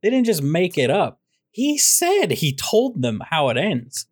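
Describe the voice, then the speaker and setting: Animated, sarcastic ranting man. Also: a little high, a little slow, breathy edge, no room sound, studio quality. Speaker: podcast co-host. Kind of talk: casual movie podcast chat.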